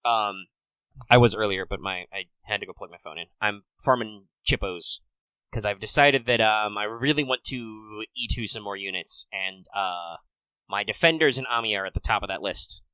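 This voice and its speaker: A man co-hosting a podcast, talking in a relaxed, casual way with many fillers. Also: on the low side, moderate pace, clear, resonant tone, no echo, low-quality recording. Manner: relaxed, filler-heavy gamer talk. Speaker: podcast co-host. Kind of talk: casual chat.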